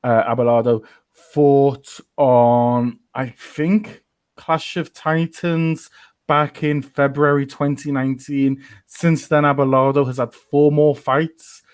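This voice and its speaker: A man's voice: mid-range voice, little pitch movement, slow pace, smooth, no echo. A man with a mid-range voice co-hosts a casual fight-sports podcast, talking through his choices in a careful, analytical way. His sound is close and dry. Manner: analytical, weighs options. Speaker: podcast co-host.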